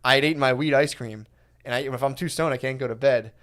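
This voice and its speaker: A man's voice: mid-range voice, fast talker, fairly bright tone. Rambling young man telling stories. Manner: rambling, trailing off, drops to a mumble. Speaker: podcast co-host. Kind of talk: casual comedic storytelling.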